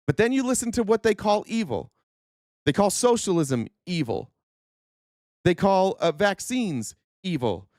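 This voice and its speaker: A man's voice: high voice, very animated, unhurried, a little mellow, dry recording, clean studio sound. A man hosting a political commentary livestream, earnest and indignant, stumbling over restarts and losing his voice. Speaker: host.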